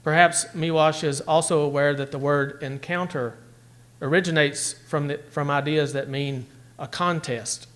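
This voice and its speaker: Slow, measured man analyzing poetry. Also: fairly high pitch, fairly even intonation, a bit bright. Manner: measured, deliberate, lecturing. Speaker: speaker at a poetry event. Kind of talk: analytical talk on poems, with read-aloud poems.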